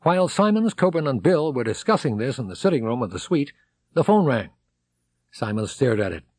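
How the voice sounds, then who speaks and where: A man reading an audiobook aloud, dramatic, voicing characters and shouting their excited lines. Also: mid-range voice, brisk. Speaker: audiobook narrator.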